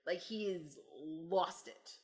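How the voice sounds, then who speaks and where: A woman's voice: on the low side, takes it slowly. A woman hosting a podcast, chatting casually about films, laughing often and quoting lines in mock voices. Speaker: podcast host. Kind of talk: casual film chat.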